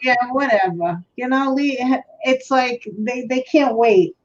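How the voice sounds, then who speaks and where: A woman's voice: sits high, fairly even intonation, slow pace, darkish tone. Chatty New York woman. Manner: chatty, friendly. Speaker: livestream co-host. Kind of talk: casual chat. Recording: lo-fi livestream audio.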